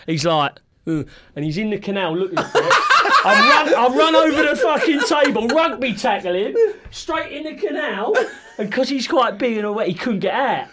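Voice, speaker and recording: A man's voice: extremely high pitch, normal speed, hardly any pauses, noisy background. A man, a former footballer, telling rowdy anecdotes in a casual studio chat, swearing freely and laughing as he goes. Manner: animated, swears freely, laughs through his stories. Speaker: regular co-host, former footballer.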